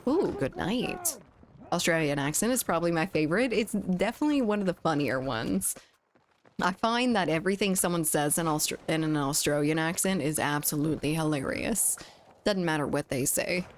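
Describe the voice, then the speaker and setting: A woman's voice: deep voice, expressive, a little fast, slight background noise. A young woman from the United States chatting on a gaming livestream, reading chat and laughing often, on a studio mic at home. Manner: chatty, giggly, reads chat aloud. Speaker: streamer. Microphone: studio condenser mic.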